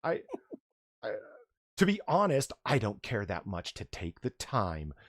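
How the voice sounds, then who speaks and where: A man's voice: lowish voice, wildly swooping pitch, measured pace, no room sound, clean studio sound. A man hosting a casual livestream chat, sarcastic and profane. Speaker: host.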